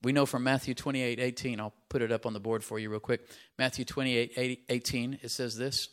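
A man's voice: medium pitch, little pitch movement, fairly quick, few pauses. Man preaching a sermon with emphatic swells. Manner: emphatic preaching, rising loud on key points; conversational asides with repeated "right?". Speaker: pastor.

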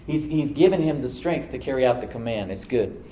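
Mellow-voiced man preaching a sermon. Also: medium pitch, expressive, a little fast, roomy sound, low-quality recording. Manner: reads scripture aloud, then drops to a soft voice to stress points; asks the congregation to answer back. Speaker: pastor. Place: church service with a live congregation.

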